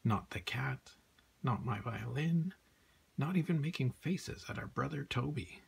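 A man hosting a storytime as Santa, reading a children's picture book aloud. His voice is gravelly and sits at a middle pitch, gentle and often sinking to a near whisper, with a faint hiss behind it. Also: animated, measured pace.

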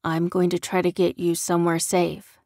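A woman's voice: lowish voice, monotone, moderate pace, darkish tone, dry recording, clean studio sound, close to an everyday voice. A woman voicing a young man, a blunt and brave wolf shifter, giving curt orders in an audiobook. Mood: urgent. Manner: commanding, curt.

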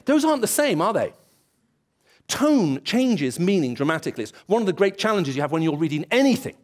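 A man's voice: high-pitched, very animated, a little fast. A man preaching a sermon in a church, telling stories and acting out bits of dialogue. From England. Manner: storytelling, acts out dialogue and voices.

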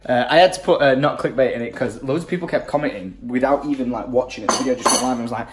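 A man's voice: mid-range voice, racing, very noisy. A tired man from England, vlogging in rambling, self-mocking casual chat.

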